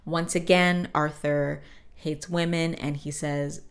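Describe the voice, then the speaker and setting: A woman hosting a podcast, casually recapping a cartoon episode with swearing and quick character voices. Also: deep voice, level tone. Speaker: podcast host.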